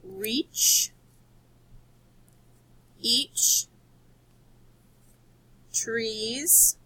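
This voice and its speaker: ゆっくり話すハスキーな女性教師. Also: female voice, fairly high pitch, sharp tone, breathy edge, rough recording. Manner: patient, explains slowly and repeats words. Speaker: teacher. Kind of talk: recorded spelling lesson for children.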